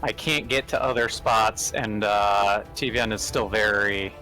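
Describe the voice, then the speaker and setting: A man playing in a tabletop game, speaking in an unhurried, wry way. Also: on the low side, fairly even intonation, bright, forceful tone, soft background music. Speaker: player. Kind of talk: casual tabletop game chat.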